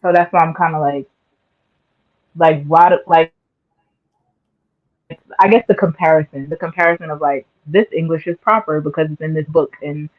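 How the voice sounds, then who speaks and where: A man's voice: on the high side, steady tone, normal speed, pauses often. Slangy young-sounding man, dull audio. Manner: slangy, lots of "like" and "you feel me". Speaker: conversation partner. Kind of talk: casual conversation.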